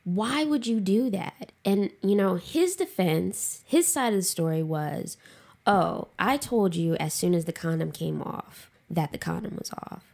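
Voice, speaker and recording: A woman's voice: fairly low pitch, animated, measured pace, vocal fry, darkish tone. A woman co-hosting a podcast, frankly telling a personal story with emotion, swearing freely and saying "like" a lot. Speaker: podcast co-host.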